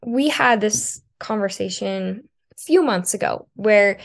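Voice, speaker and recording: A woman's voice: mid-range voice, unhurried, gravelly. A woman marriage coach talking earnestly in a casual podcast conversation, often using filler "like" as she thinks. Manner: earnest, thoughtful, many filler "likes".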